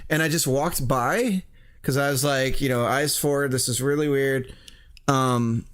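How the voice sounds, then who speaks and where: Chatty game dev streamer, dry close sound. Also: male voice, mid-range voice, no echo. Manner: rambling, laughing, swearing, self-correcting. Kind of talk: casual live-stream chat while coding.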